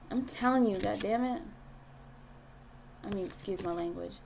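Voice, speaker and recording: A woman's voice: medium pitch, normal speed, vocal fry, long pauses, darkish tone, slight background noise. A young adult woman doing a casual tarot reading, speaking bluntly and swearing freely as she talks to the viewer. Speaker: tarot reader.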